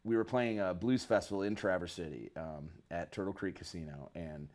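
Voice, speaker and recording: A man from northern Michigan, a bass player guesting on an interview, telling rambling stories in a laid-back, slangy way. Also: brisk, darkish tone. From northern Michigan, USA. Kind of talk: casual storytelling interview.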